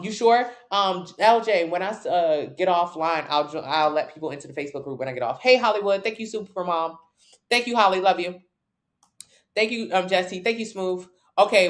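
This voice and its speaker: A woman fitness coach, answering viewers' questions on a casual livestream in a blunt, brash, jokey way. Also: lowish voice.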